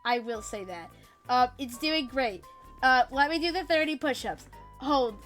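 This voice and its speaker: A woman streamer chatting casually on a live stream, energetic, swearing freely and giggling. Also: high voice, unhurried, faint music behind.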